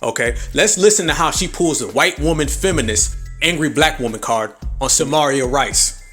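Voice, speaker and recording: A man's voice: on the high side, normal speed, a bit bright, faint music behind. Angry, profane man hosting a podcast. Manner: angry, profane, mocking, with sarcastic mimicry. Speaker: podcast host. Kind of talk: heated political commentary.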